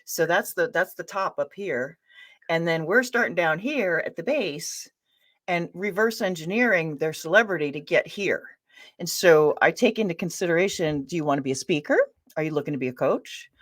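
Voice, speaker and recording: A woman author being interviewed, chatty and quick to laugh, restarting her sentences as she explains her work. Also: fairly low pitch, expressive. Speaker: ghostwriter and author, interview guest. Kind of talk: casual interview answers.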